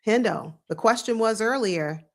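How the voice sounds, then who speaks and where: A woman hosting a sports live stream, greeting viewers by name in a relaxed, earnest chat. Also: on the high side, moderate pace.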